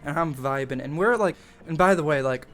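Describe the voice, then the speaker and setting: A young adult man telling a camp story in a casual, profane, animated way, full of slang and "like". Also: on the high side, brisk, faint music behind. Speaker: storytime YouTuber.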